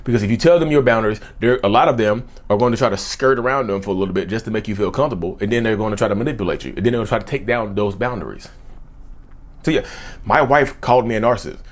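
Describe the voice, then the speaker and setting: A man's voice: fairly low pitch, very fast. A man, talking to camera in an earnest, preachy way and repeating lines for emphasis. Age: 30s. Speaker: mental health video creator. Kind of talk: casual talking-to-camera monologue.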